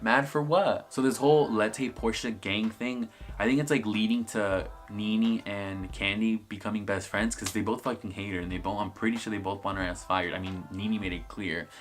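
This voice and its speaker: A man's voice: on the low side, fairly even intonation, normal speed, few pauses, faint music behind. A young man giving a casual, sassy review of a reality TV episode, swearing freely. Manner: sassy, swears a lot, acts out the cast in quotes. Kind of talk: casual vlog commentary.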